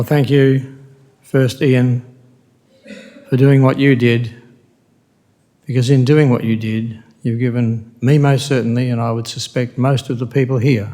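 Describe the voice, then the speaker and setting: A man leading a funeral service, speaking in a measured, formal way. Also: medium pitch, little pitch movement, darkish tone. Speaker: funeral celebrant. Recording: long hall reverb.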